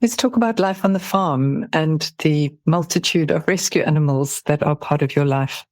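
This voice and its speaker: A podcast host leads an interview with calm, measured, thoughtful questions. The recording is dry and close, with no room sound. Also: medium pitch, no room sound.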